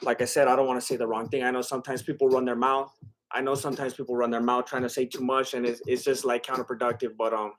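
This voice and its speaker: A man's voice: mid-range voice, flat delivery, quick pace. A man doing live-stream reaction commentary, reading chat aloud and talking straight to his viewers with many restarts. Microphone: laptop setup.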